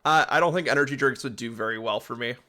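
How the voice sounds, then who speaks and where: A man's voice: mid-range voice, fast, sharp tone. A man giving casual, rambling commentary while playing a game, often laughing.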